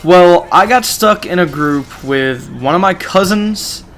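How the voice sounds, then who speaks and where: A man's voice: sits high, expressive, slow, fairly bright tone. A man from a gaming channel telling a story casually, rambling with lots of "you know" and "like".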